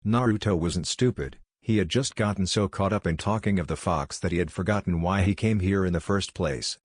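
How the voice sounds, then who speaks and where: A man narrating a fan fiction story in a flat, even reading voice. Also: low voice, fairly quick, hardly any pauses, dry recording, studio quality.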